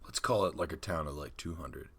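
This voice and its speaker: A man co-hosting a podcast, pitching ideas for a tabletop adventure in casual, excitable chat with fillers and sound effects. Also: brisk, vocal fry, breathy edge.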